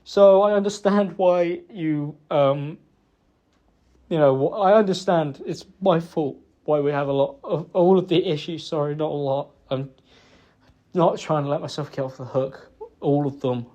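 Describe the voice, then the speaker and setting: A man making a halting, remorseful apology in a private recording, with many pauses and restarts. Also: fairly high pitch. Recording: dull lo-fi recording.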